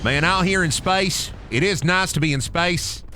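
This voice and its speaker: A man's voice: sits high, measured pace, bright, forceful tone, slight background noise. A man giving casual, joking, profane commentary to himself while streaming a game.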